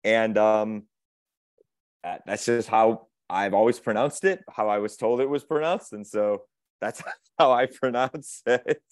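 A man's voice: fairly low pitch, measured pace, smooth, no echo. Guy in his 40s on a video call, chatty and self-deprecating, laughs a lot, dry close sound. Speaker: podcast guest, actor and author. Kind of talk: casual video-call chat.

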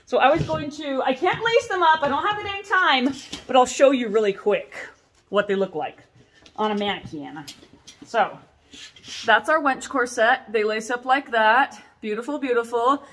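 A woman in her thirties who makes corsets, chatting casually as she shows pieces in her workshop, animated and self-mocking. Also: fairly high pitch, moderate pace. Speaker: corset maker showing her collection. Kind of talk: casual product showcase vlog. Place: workshop under a tin roof.

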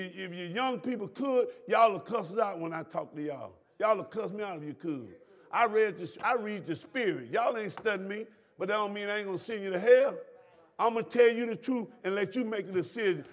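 A man preaching a sermon as pastor, repeating lines and breaking into shouts at the congregation. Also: high voice, a little fast. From Southern United States.

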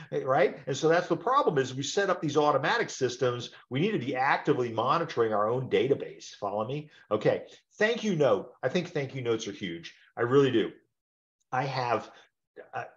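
An older man in his sixties runs an informal webinar, drifting between points and checking in with the listener as he goes. His voice sits at an ordinary middle pitch. The sound is a little muffled, like online meeting audio. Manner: rambling and conversational, full of tag questions. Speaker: webinar presenter.

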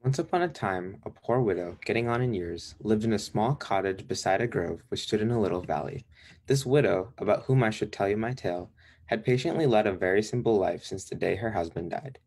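A young male student reading a picture book aloud in a careful, measured way. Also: fairly low pitch, darkish tone, husky. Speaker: student reader.

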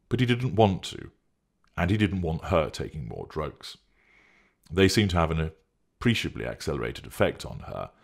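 A man narrating a story in a deliberate, measured way. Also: very deep voice, vocal fry, slightly rough. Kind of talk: scripted audiobook narration.

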